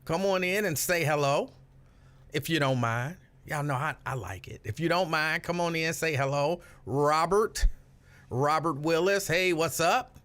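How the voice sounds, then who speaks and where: A man with a fairly high, slightly bright voice speaks a little slowly as he hosts a laid-back afternoon live stream. He greets viewers by name, reads their comments aloud, and jokes at his own expense in a playful, self-mocking way.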